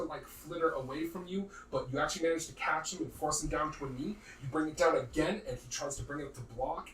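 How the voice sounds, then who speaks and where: Brief: male game master narrating a tabletop game, bright voice, distant roomy recording. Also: a little high. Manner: lively, casual, uses "like" fillers. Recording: roomy, distant mic, faint noise.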